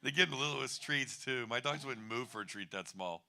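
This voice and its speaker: Man, fifties, stand-up comic, sharp bright voice, wry, rambling, chuckling. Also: medium pitch, fairly quick, gravelly. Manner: wry, rambling, chuckles at his own jokes. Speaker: stand-up comedian. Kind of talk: stand-up comedy set. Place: comedy bar stage.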